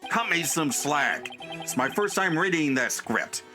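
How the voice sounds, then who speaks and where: A man's voice: on the high side, big pitch swings, unhurried, pitched below the performer's own voice. A man playing an earnest young lawyer. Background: game music.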